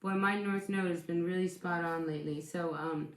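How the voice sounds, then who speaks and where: A woman's voice: lowish voice, fairly even intonation, normal speed, reverberant. A woman giving a casual tarot reading, speaking in a chatty, reassuring way and often repeating herself as she restarts sentences. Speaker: tarot reader.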